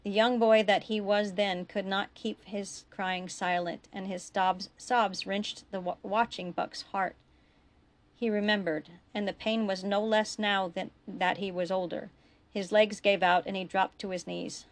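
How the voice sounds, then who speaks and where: A woman reading her own fiction aloud in a steady, expressive storytelling voice. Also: mid-range voice, a little slow.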